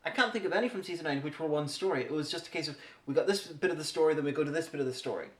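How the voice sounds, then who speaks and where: A man's voice: on the high side, rapid-fire. A man co-hosting a podcast who talks in rambling, hesitant critique, often restarting his sentences. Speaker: podcast co-host. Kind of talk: casual chat. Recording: echoey room.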